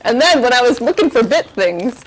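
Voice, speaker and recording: A woman's voice: a little high, big pitch swings, normal speed. A woman hosting a charity livestream from her home kitchen, chatting casually in a rambling, giggly, self-mocking way on a lavalier mic. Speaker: charity stream host.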